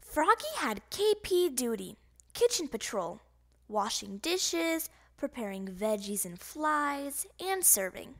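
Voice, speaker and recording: Woman reading a kids' storybook, animated. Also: high-pitched, slow pace. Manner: expressive, sound effects voiced. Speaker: audiobook reader. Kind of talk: children's storybook narration.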